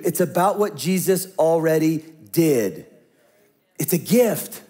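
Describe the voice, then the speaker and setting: Man, middle-aged, pastor, conversational sermon, slightly high voice, hushed storytelling. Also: expressive, unhurried. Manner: conversational preaching, dropping to hushed tones for stories.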